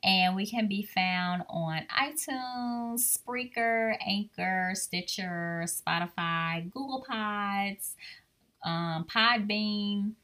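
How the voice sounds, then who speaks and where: A woman hosting a podcast in animated, playful banter. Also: medium pitch, drawn-out words. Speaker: podcast host. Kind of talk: casual chat.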